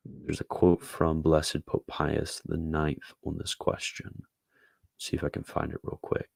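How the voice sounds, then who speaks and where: A man who reads a theology passage aloud in a measured way, then answers viewer questions in a loose, casual chat with fillers. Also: rumbling low, monotone, vocal fry, a little mellow, no echo.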